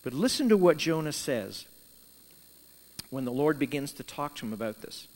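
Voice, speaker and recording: A man preaching a sermon, telling a Bible story with lively emphasis and acting out the characters' words. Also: fairly high pitch, normal speed, in a large hall. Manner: animated storytelling, voicing Jonah and God in quoted lines. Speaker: pastor.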